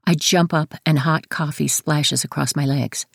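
A woman narrating her own memoir audiobook in a steady first-person storytelling manner. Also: low-pitched, measured pace, vocal fry, breathy edge, no room sound, studio quality.

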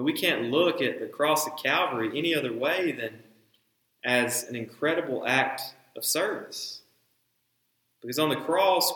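A pastor in his thirties preaches a sermon, giving dramatic emphasis as he acts out the dialogue of biblical figures. His voice is a bit bright and on the high side, and the poor audio has an echoey room sound.

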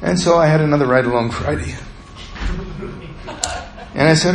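A man preaching a sermon, telling a personal story with animated swings from hushed to loud. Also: fairly high pitch, normal speed, reverberant, a little hiss or hum, low-quality recording. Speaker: lay preacher.

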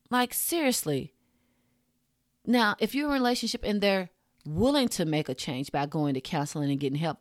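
A woman's voice: mid-range voice, dry recording. A woman podcast host, ranting frankly and profanely in a casual monologue into a close mic. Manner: frank, profane, rants with punchy asides.

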